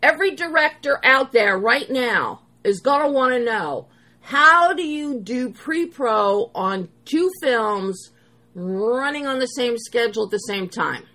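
Female interviewer, higher voice, very slow delivery, asks deliberate questions. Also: animated, bright, forceful tone. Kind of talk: casual interview.

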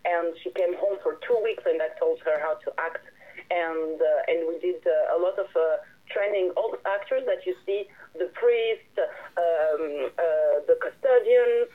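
A director and filmmaker whose first language is French answers interview questions by phone, the line sounding thin and tinny. She speaks in a lowish voice, often pausing to search for English words and starting sentences over.

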